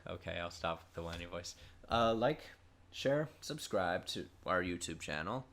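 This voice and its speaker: A man with a low, bright and forceful voice chats casually as a podcast co-host. He talks loosely, hesitating and restarting his sentences. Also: expressive, normal speed, creaky. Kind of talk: casual chat.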